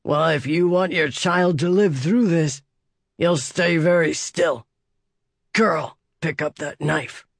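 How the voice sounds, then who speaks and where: A man's voice: on the high side, takes it slowly, dry recording, clean studio sound, full character voice. A man voicing a wounded, desperate male bandit with a ruined face in an audiobook, slurring and snarling his threats. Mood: menacing. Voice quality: slurred, gravelly. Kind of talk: audiobook character voice.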